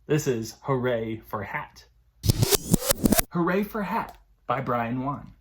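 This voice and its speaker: Animated man leading a children's story time. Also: medium pitch, slow, heavy background noise. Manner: animated, sing-song, playful. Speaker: children's librarian.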